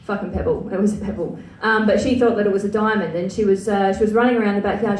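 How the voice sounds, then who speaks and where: A woman's voice: mid-range voice, fairly even intonation, fast talker, few pauses, darkish tone, far from the mic, a little hiss or hum. A young Australian woman performing a stand-up set, crude and self-mocking, chatty with lots of filler words. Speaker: stand-up comedian. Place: comedy venue stage. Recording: roomy live venue sound from afar.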